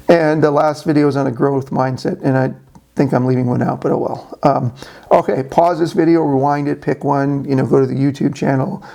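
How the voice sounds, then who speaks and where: A man talks to his viewers in a loose, rambling vlog, stopping and restarting his sentences often. His voice is mellow and gravelly, with an unhurried, chatty feel. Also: medium pitch. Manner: rambling, full of restarts and fillers. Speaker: YouTube channel host. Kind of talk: casual vlog monologue.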